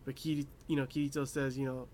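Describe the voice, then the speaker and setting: A man's voice: mid-range voice, flat delivery, quick pace, darkish tone, a little hiss or hum. A young man casually recapping an anime episode, rambling with lots of fillers and laughing at his own asides. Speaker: anime reviewer.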